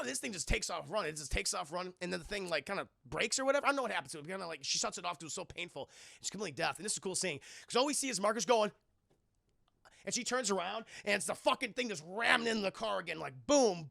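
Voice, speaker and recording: A man streaming a profane, excitable spoiler recap of a film to his chat, acting out scenes with shouts and sound effects. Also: high voice, a little fast, gravelly, no room sound, clean studio sound.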